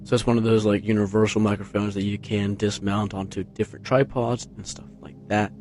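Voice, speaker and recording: A level, a little fast, slightly mellow male voice comes over soft background music. Vlogging from his carpeted room at home, he rambles in a low-key way with frequent fillers and restarts, speaking close to a tabletop USB mic, headphones on.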